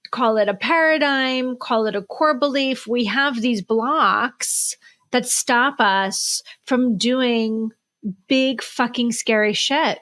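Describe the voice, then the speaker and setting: A woman's voice: on the high side, takes it slowly, a bit bright, no room sound. A woman host of an interview chat, affirming her guest in a candid, casual way over a video call.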